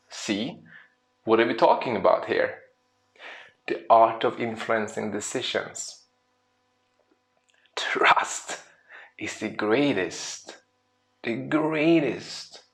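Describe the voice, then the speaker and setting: Man, speaker and coach, lively storytelling talk, questions to the audience, middle pitch. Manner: lively, acts out little scenes in quoted voices. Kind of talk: storytelling presentation.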